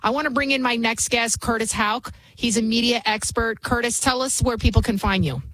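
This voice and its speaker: A woman hosting a talk radio show who talks fast, barely pausing, in an opinionated and mocking way. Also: fairly high pitch, fairly bright tone, rough recording. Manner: talks fast, rarely pauses; mocking, sarcastic.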